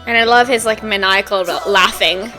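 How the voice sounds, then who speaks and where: A woman's voice: medium pitch, steady tone, moderate pace, sharp tone. A young woman hosting a music reaction, gushing with exclamations and chatty fillers. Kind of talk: casual reaction commentary. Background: faint music playing.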